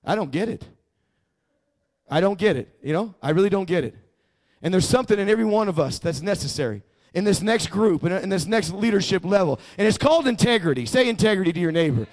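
A man's voice: high voice, animated, fast, darkish tone. A man preaching a sermon emphatically as a pastor, often calling on the congregation to repeat phrases back. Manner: emphatic preaching with call-and-response prompts.

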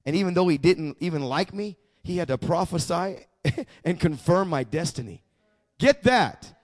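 Preaching at a moderate pace, this high-voiced pastor with a darkish tone tells a sermon as a personal story. His testimony starts out conversational, full of stammered restarts, and swells into more and more fervent emphasis.

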